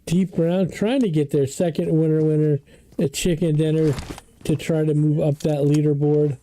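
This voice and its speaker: Esports caster calling a battle royale match, mellow voice, gets loud and jumpy on knockdowns, chats about the controls in between. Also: moderate pace, a little hiss or hum, poor audio. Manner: excitable, pitch jumps on knockdowns; chatty asides about the broadcast controls. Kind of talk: play-by-play commentary.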